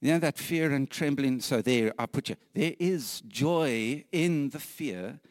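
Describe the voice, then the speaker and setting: A man delivers a sermon at a very slow, deliberate pace, leaning on repeated phrases. He is earnest and emphatic, sometimes sinking to a hushed whisper and letting a light laugh slip between points. The sound is dry and close, with no room echo. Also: medium pitch. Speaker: preacher.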